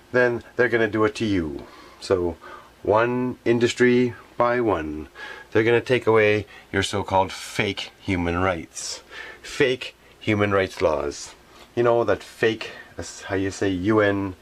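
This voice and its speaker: A man, a garbage collector, giving an emphatic, indignant rant that keeps circling back, often pausing with "how you say.". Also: on the low side. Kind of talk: ranting monologue.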